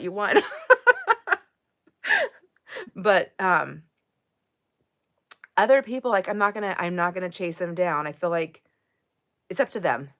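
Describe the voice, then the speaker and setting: A middle-aged livestream host talks in a lowish, fairly bright voice. Chatty and quick to laugh, she often breaks off and restarts what she's saying during the casual stream.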